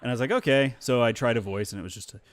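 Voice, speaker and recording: Talking very fast in a fairly low-pitched voice, a man chats casually and animatedly on a livestream. As a streamer and voice actor, he tells stories about voice acting and slips into voices along the way.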